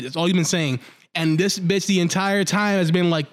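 A man's voice: high voice, normal speed. A man co-hosting a casual, profane anime podcast, recapping the story and acting out the characters' lines. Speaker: podcast co-host.

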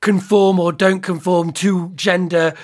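A co-host in a relaxed book chat, chiming in with details and measured critique. The voice sits at a middle pitch, calm and reflective. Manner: thoughtful, adds comments and critique. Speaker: podcast co-host. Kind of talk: casual book discussion.

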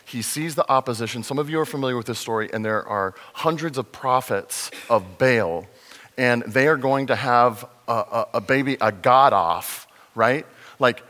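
A man preaching a sermon in a conversational way, slowing to stress points, with fillers and restarts. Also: mid-range voice, a bit bright. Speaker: pastor. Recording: long reverb in a large hall.

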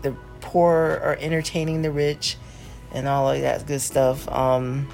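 A woman's voice: low voice, steady tone, a little slow, gravelly, darkish tone, soft background music. A woman hosting a podcast, casually recapping a cartoon episode, laughing often and acting out the characters' lines.

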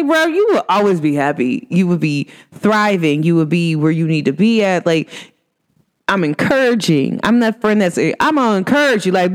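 A woman from Cincinnati, USA, hosts a podcast, speaking at a moderate pace in a medium-pitched voice with lively intonation. She talks to listeners casually and with slang, laughing often and acting out what people said.

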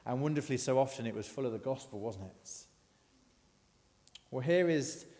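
A man's voice: mid-range voice, lively intonation, moderate pace, mellow, long reverb tail. A man giving a conversational sermon, asking the congregation questions as he goes. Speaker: preacher. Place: church.

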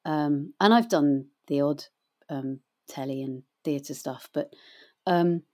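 A middle-aged woman who voices audiobooks appears as a guest in a casual interview, telling stories in a chatty, rambling way full of fillers. She is a voice actor and audiobook reader, and her voice is low-pitched, slow, and warm.

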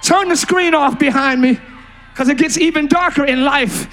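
A male pastor preaching a lively, playful sermon in a large church, often shouting to the congregation. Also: very high-pitched, normal speed.

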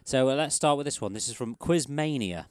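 A man's voice: mid-range voice, animated, brisk, darkish tone, no echo. A man co-hosting a casual podcast, reading out silly quiz answers and laughing often. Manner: laughs often, reads quiz lines with mock host and contestant voices. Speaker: podcast co-host.

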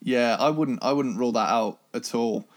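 A man's voice: mid-range voice, moderate pace. A man co-hosting a casual music review chat, enthusiastic and rambling, with restarts and the odd swear. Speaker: podcast co-host.

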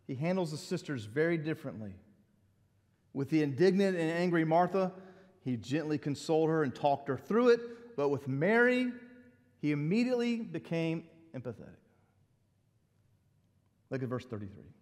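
A middle-aged man, a pastor preaching a sermon in an animated, conversational way with asides. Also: fairly high pitch, moderate pace, pauses often, in a large hall.

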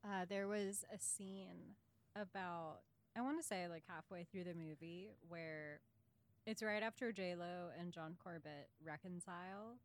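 A woman co-hosting a podcast in casual chat, animated and acting out movie lines in quoted voices. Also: fairly low pitch, a little slow, no room sound. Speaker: podcast co-host.

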